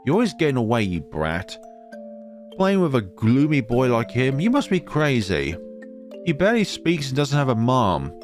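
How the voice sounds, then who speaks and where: A man's voice: mid-range voice, huge pitch swings, moderate pace, soft background music, pitched above the performer's own voice. A man voicing a mean village boy bully, jeering and sneering.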